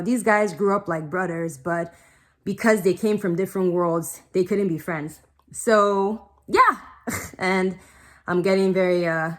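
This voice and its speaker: Young woman, slightly low voice, chatty vlog delivery full of fillers. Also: a bit bright. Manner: rambling, many fillers, emotional and teary at times. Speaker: vlogger. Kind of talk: casual chat to camera.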